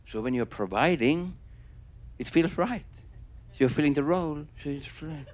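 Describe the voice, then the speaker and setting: A man on a comedy stage quoting a woman he dated, in a calm, explaining tone and in close to his own voice. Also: a little high, normal speed, lightly acted. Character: matter-of-fact woman he dated.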